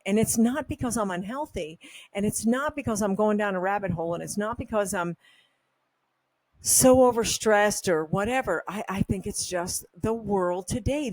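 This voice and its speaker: A woman talking to camera in a loose, rambling vlog monologue, candid and opinionated. Her voice sits at a middling pitch and the sound is dry and close, with no room echo. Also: a little mellow. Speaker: health supplement brand host. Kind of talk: casual talking-head monologue.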